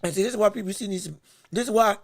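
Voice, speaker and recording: High-pitched excitable fight commentator. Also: male voice, rapid-fire, noisy background. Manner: repeats himself, restarts phrases, eats and talks at once. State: has the hiccups. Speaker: podcast host giving live fight commentary. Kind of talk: excited blow-by-blow livestream commentary.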